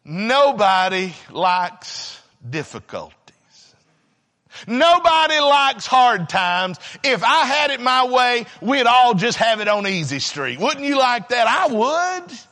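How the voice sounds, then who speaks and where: A man preaching a sermon. He swings between shouting and hushed, near-whispered passages. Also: very high voice, very animated, takes it slowly, big-room sound.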